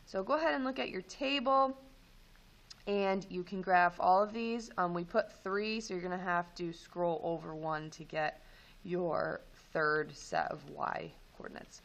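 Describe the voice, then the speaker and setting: A woman teaching math, going over homework and walking students through steps in a relaxed way with frequent ums. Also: lowish voice, a little slow, vocal fry, poor audio. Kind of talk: homework review and lesson.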